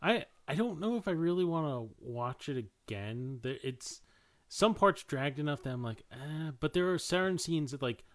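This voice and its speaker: A man co-hosting a podcast in relaxed casual chat, laughing often and using many fillers. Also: a little high, moderate pace. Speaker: podcast co-host.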